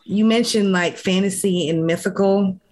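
A speaker with a voice of middle pitch chats casually on a podcast and recaps a story in a relaxed, running way. The talk is full of "um," "like" and small restarts. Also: moderate pace, slight background noise. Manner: chatty, recapping an episode with fillers and restarts. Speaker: podcast co-host or guest.

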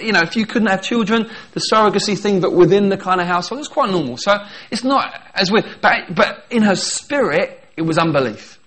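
A man preaching with lively energy, slipping into small acted voices for the people in his story and laughing as he goes. His voice sits a little higher than most men's. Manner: animated, acts out quoted voices, laughs often. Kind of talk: sermon.

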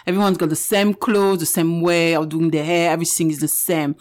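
A woman from France in her forties, speaking English with a French accent as a podcast guest, frank and animated. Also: lowish voice, a little fast. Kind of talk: candid podcast conversation.

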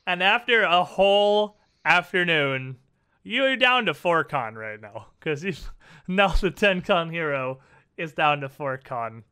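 A man's voice: a little high, expressive, takes it slowly, pushed and bright, clean tone. A man narrating a tabletop game as game master, with dramatic, lingering narration.

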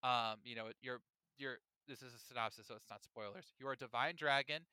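A man co-hosting a casual gaming podcast, animated and chatty, often restarting his sentences. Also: medium pitch, fairly quick, smooth, dry recording. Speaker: podcast co-host.

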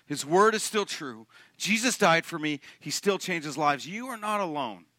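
A young man preaching a sermon to his congregation, animated and joking, often asking the room questions. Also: fairly high pitch, moderate pace, dry recording. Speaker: pastor. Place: church sanctuary.

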